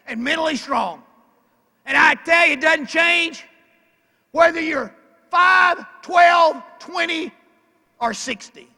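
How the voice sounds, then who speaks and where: An older man with an Arkansas Southern accent delivers a motivational banquet speech in a folksy, emphatic way, hammering his points home. His voice sits very high and sounds sharp and forceful. He speaks into a PA microphone, and his voice rings through a large banquet hall with a long reverb tail. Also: creaky. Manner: emphatic, calling out lines loudly, folksy. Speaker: keynote speaker.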